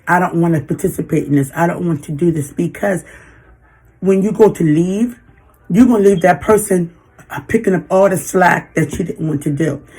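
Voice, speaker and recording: A woman's voice: fairly low pitch, a little mellow, breathy edge. Emotional woman vlogging through tears. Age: 50s. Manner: emotional, halting, frequent restarts. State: holding back tears. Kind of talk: personal vlog venting.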